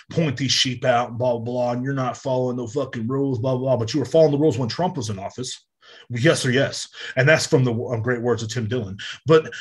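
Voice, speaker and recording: A husky, medium-pitched male voice belongs to a US podcast host recording at home near a street on a desk microphone. His casual rant rambles along, full of swearing and filler words.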